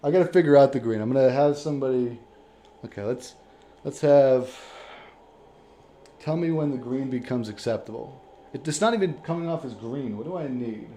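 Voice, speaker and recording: Man, game streamer host; excitable, swears a lot, over-the-top rants, mellow tone. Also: mid-range voice, moderate pace, a little hiss or hum. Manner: excitable, profane, mock-dramatic rants. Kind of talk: casual livestream chat while gaming.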